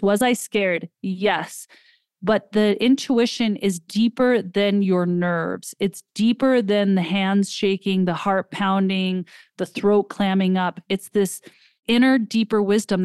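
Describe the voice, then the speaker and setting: Woman, podcast host, personal story, animated, smooth voice, dry close mic. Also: mid-range voice, measured pace, no echo. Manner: animated retelling, acts out quoted dialogue.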